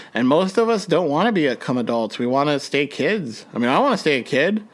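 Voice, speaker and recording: Young guy podcaster, kinda high voice, rambly storytelling, lots of restarts. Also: very animated, a little fast, hardly any pauses. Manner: rambling, frequent restarts, voice jumps high when reenacting panic. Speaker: podcast host. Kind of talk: personal storytelling monologue.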